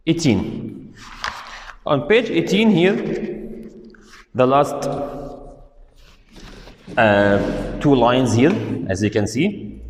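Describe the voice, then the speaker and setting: A male teacher talks through a lesson at an unhurried, careful pace, often rephrasing himself and pausing on "uh". His voice sits mid-range. The recording is roomy, with a long, ringing reverb. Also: mid-range voice. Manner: slow and deliberate, rephrasing points and filling pauses with "uh". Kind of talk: online literature lesson, reading aloud and explaining.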